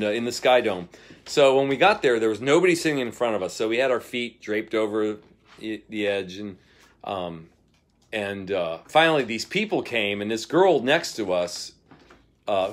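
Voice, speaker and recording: A middle-aged man, a singer-guitarist, chatting casually between songs and telling a rambling story with soft laughs. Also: lowish voice.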